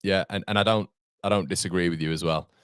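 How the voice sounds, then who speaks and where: Low-voiced fan hosting a watchalong. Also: male voice, steady tone, fast, a bit bright, clear, resonant tone, no room sound, clean studio sound. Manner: chatty, blunt, swears freely. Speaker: fan channel host. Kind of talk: live match watchalong commentary.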